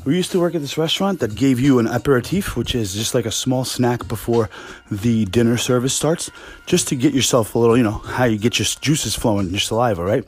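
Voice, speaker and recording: A man hosting a podcast, ranting casually and profanely with exasperated, animated energy and a husky voice. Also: medium pitch, a little fast, faint music behind. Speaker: podcast host. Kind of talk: casual rant monologue.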